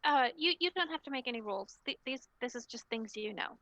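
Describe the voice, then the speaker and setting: A woman narrating a tabletop game as storyteller, relaxed and rambling, with lots of filler sounds. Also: high voice, brisk, no echo, poor audio.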